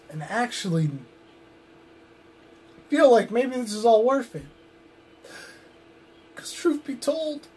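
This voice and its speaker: A man with a slightly high voice cuts a drawn-out wrestling promo in the voice of a pro wrestler. He broods with intensity and now and then erupts into loud shouts. Underneath the bluster he sounds tired and drained. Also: a little hiss or hum.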